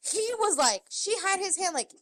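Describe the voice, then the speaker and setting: A young woman co-hosting a podcast, telling a story in casual chat, animated and swearing, acting out quotes. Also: very high-pitched, normal speed. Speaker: podcast co-host.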